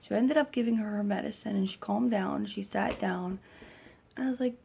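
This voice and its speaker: A woman's voice: mid-range voice, brisk, creaky, a little mellow, a little hiss or hum. A young woman venting about a hard weekend as a mother, rambling and frustrated, with lots of fillers and a weary, stressed edge. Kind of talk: casual venting vlog.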